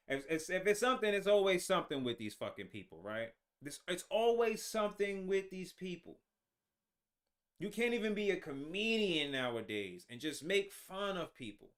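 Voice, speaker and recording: Host, male, high and bright voice, heated profane rant, stumbles and restarts. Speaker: show host. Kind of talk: ranting political commentary.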